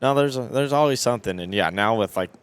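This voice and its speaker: A man's voice: medium pitch, quick pace, smooth. A man who is an off-road racer, speaking earnestly as a guest in a casual podcast interview at a trade show and restarting his sentences often.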